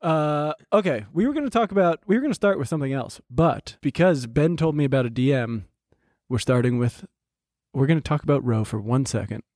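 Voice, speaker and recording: A man's voice: medium pitch, a little fast, a little mellow, no echo, clean studio sound. A man co-hosting a podcast in casual chat, laid-back and wry. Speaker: podcast co-host.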